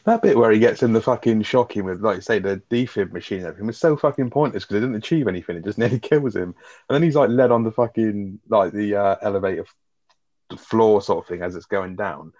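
A man's voice: on the low side, fast, darkish tone, no room sound. A man rambling through a film's plot in casual chat, sweary and full of fillers. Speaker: podcast co-host. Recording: dull lo-fi audio.

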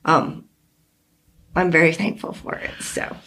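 Teary woman hosting a podcast, heartfelt and halting, lowish voice. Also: steady tone, fairly bright tone. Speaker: podcast host. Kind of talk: emotional casual chat.

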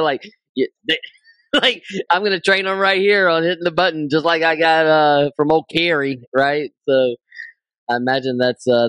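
A man's voice: a little high, a bit bright, dry recording. A man in a casual podcast chat who talks in a rambling, musing way and keeps circling back to his point. He is heard up close, with no room sound around him. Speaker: podcast co-host.

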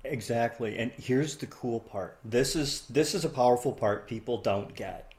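A man in casual conversation, an animated storyteller who laughs often and jumps into loud, excited voices when quoting. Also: mid-range voice, moderate pace. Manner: laughs often while talking.

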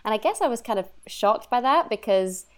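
A woman's voice: on the high side, lively intonation, brisk. A young woman from Ireland, chatting as an interview guest, laughing often and acting out her own past remarks. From Northern Ireland. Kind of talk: casual interview chat. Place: lives in London.

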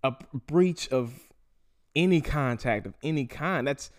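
A young man hosting a solo podcast, ranting in a profane, animated way and mocking people in quoted voices. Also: medium pitch, unhurried. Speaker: podcast host.

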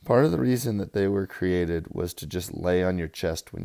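Young man, low gravelly voice, crude rambling league recap. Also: normal speed. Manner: crude, rambling, swings from loud hype to mumbling. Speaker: fantasy football league player. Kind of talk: profane casual recap.

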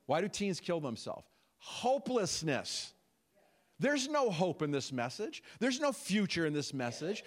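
A man preaching a sermon, animated, with frequent rhetorical questions and asides to the congregation. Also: a little high. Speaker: pastor.

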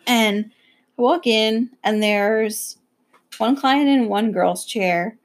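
Young woman, storytelling chat, higher pitch, animated, swears freely. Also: takes it slowly. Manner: animated, acts out voices in anecdotes, swears freely.

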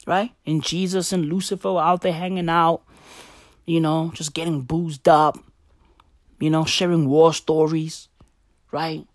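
A woman doing a profane, rambling stand-up monologue, now and then bursting into shouts. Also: sits low, normal speed, no echo, studio quality. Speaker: comedian.

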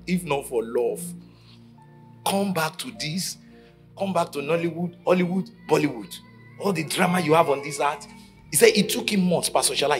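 A man preaching a sermon at a conference, telling stories and acting out the quotes, from shouting to near whispers. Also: a little high. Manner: dramatic storytelling, acting out quotes, swinging from shouts to hushed lines. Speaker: pastor. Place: conference stage.

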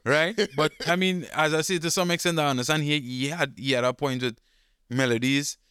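A man, chatting casually as a podcast co-host, rambling and thinking aloud in a relaxed way. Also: on the high side, fairly quick, smooth, no echo. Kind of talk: casual chat.

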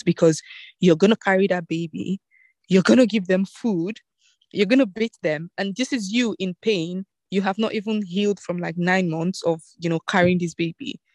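Lively woman host, dry sound. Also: lowish voice, dry recording. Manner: lively, full of fillers, invites others to share. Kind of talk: casual chat.

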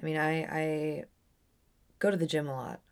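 A woman's voice: low-pitched, little pitch movement, normal speed, clear, resonant tone. A young adult woman telling a personal story on her podcast in a candid, rambling way with frequent restarts. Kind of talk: casual storytelling monologue.

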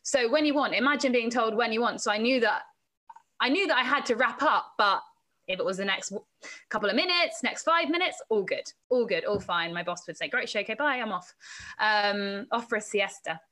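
Young woman sports presenter on a podcast, chatty and laughing, bright fairly high voice. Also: a little fast. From England. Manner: chatty, laughs often, acts out quoted voices. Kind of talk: casual interview answers.

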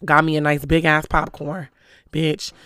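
A vlogger chatting to the camera about recent outings, swearing freely and telling stories in an animated, gossipy way, close to a stand mic in a small room. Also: mid-range voice, measured pace, clear, resonant tone, no echo. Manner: animated, profane, gossipy storytelling. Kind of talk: casual chat to the camera. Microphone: stand mic close to the speaker.

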